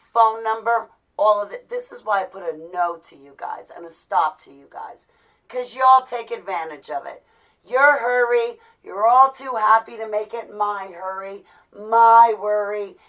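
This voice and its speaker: A vlogger in her forties rants to her viewers in a heated monologue, exasperated, repetitive and pleading. Her voice is medium-pitched and a bit bright, recorded from a distance with dull audio.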